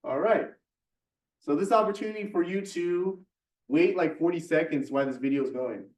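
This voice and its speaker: A man's voice: a little high, normal speed, darkish tone, distant mic. A man hosting a real estate office meeting, enthusiastic and chatty, repeating words as he urges people on. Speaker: meeting host. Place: large meeting room. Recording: echoey room, heard from afar.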